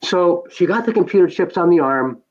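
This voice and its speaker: A man's voice: high voice, normal speed, highs cut off. Older man telling stories emphatically. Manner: animated, repeats phrases for emphasis. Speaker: guest. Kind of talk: conversational storytelling.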